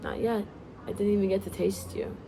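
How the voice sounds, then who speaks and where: A woman voicing a dominant young man who speaks low, firm and possessive. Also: fairly even intonation, a little fast, creaky, warm tone, lightly acted, rough recording. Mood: teasing.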